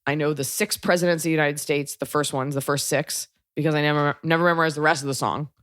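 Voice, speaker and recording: A woman's voice: sits low, fairly even intonation, quick pace, a bit bright. A woman from Texas hosting a podcast, chatting casually in a rambling, wry and blunt way with lots of fillers. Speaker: podcast host.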